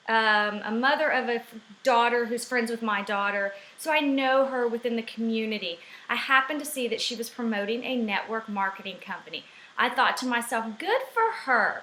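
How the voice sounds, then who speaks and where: Middle-aged woman, animated ranting vlogger, slightly high and bright, recorded in a roomy home office. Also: slight background noise. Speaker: network marketing vlogger. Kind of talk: casual vlog rant.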